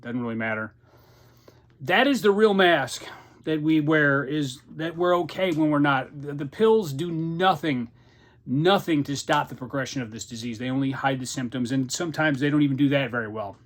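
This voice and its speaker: A middle-aged man speaks to camera in a casual, personal vlog. His voice sits slightly higher than most men's. He sounds a little out of breath and often restarts or repeats his words as he talks. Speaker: podcast host living with Parkinson's.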